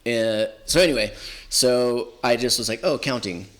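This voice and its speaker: A man's voice: medium pitch, fairly even intonation, normal speed, a bit bright. A man from Southern California in his forties, telling stories in a casual chat, rambling with lots of filler words. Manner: rambling, heavy use of "like" and "you know". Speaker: podcast guest. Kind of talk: casual storytelling.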